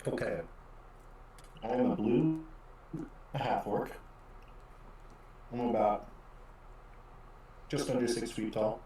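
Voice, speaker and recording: A man's voice: mid-range voice, slow, pauses often, mellow, very echoey, a little hiss or hum, low-quality recording. A man playing a tabletop game, describing his character in an easygoing, hesitant way. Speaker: player. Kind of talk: casual chat.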